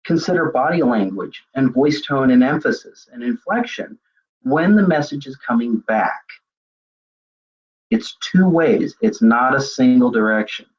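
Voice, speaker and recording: A man's voice: mid-range voice, expressive, normal speed, breathy edge. A middle-aged man presenting a webinar lecture in a conversational way, often repeating words as he thinks. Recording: dull lo-fi web seminar audio.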